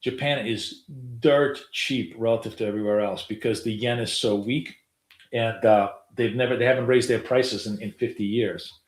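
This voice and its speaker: A man's voice: on the low side, fairly even intonation, moderate pace. A middle-aged man trading live on a stream, chatting casually, rambling and swearing offhandedly, with lots of fillers. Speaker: day trader streaming live. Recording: roomy, echoey room.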